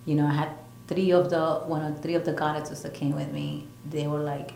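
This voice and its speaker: A woman's voice: low voice, level tone, fast, vocal fry, echoey room, noisy background. An older woman and spiritual teacher, speaking earnestly and emphatically in a casual interview, often repeating her phrases. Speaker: spiritual teacher and retreat leader.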